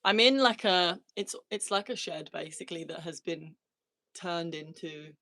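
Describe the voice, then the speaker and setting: A woman's voice: on the low side, unhurried, bright, forceful tone, dry recording. Chatty woman in her thirties, dry sound. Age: 30s. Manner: chatty, laughs often, reads comments aloud. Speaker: livestream host. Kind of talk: casual live chat reading viewer comments. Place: small shed converted into a room.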